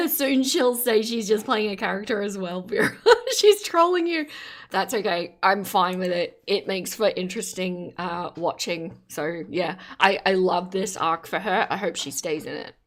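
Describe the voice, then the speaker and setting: A woman's voice: mid-range voice, expressive, a little slow. A woman hosting a casual livestream, reacting to clips and chatting with her viewers in a giggly, rambling way as she reads their comments aloud. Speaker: streamer host.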